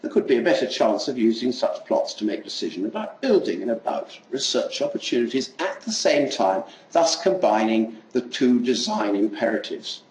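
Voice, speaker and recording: An older man giving an academic lecture, reading a prepared text in a measured way with occasional asides. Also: medium pitch, very animated, darkish tone. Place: lecture hall. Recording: echoey lecture hall, faint noise.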